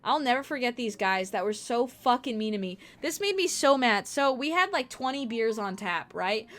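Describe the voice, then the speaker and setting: A young woman streamer telling stories in casual chat, animated and profane, acting out the people she quotes. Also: fairly high pitch, moderate pace.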